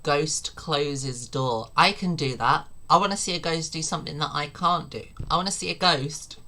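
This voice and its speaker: A woman's voice: low voice, normal speed, sharp tone. A woman streaming her reactions to videos, mocking and sarcastic, swearing and laughing often.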